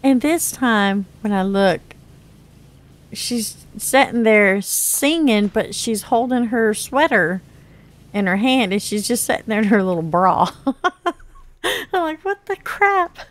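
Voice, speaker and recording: Woman gamer rambling through a story, laughs a lot, voice jumps around when she quotes people, mid pitch. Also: measured pace. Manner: chatty, laughs often, acts out quotes with big pitch jumps. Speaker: gaming channel host. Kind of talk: casual storytelling while playing a game.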